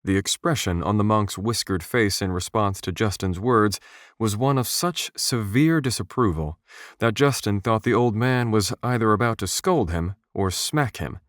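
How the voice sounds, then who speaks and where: A man reading a fantasy audiobook as its narrator, with a steady, measured delivery. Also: fairly low pitch, dry recording. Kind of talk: scripted narration. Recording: dry, close studio voice.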